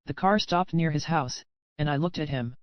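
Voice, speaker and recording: A man reading a first-person romance audiobook in an even, measured way. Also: on the high side, smooth, no echo, muffled recording. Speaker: audiobook narrator. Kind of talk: scripted first-person narration.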